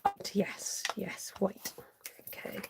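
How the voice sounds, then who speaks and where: A woman's voice: slow pace, background noise. A woman hosting a live card-making tutorial, chatting to viewers and muttering half-whispered asides to herself as she works. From United Kingdom. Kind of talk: live-streamed craft tutorial.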